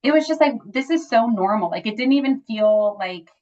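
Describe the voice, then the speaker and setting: A woman's voice: a little high, normal speed. A woman guest in a casual interview, telling a personal story with lots of fillers like "like" and "you know.". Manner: animated when acting out quoted dialogue. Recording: slightly dull lo-fi audio.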